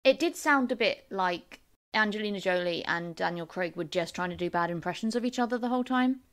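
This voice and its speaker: A woman's voice: medium pitch, a little fast, a bit bright. Wry woman, podcast co-host. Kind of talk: casual chat.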